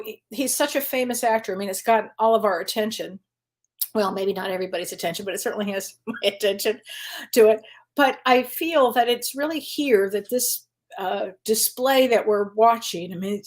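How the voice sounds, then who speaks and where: A woman, a spiritual medium and psychotherapist, hosting a casual live Q&A stream. She chats easily, greets viewers by name and laughs often. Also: fairly high pitch. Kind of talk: casual livestream chat.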